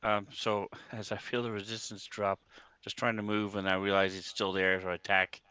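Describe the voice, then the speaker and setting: A man playing a tabletop game, describing his character's actions in a steady, even way. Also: lowish voice, moderate pace, clear, resonant tone, dry recording. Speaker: player.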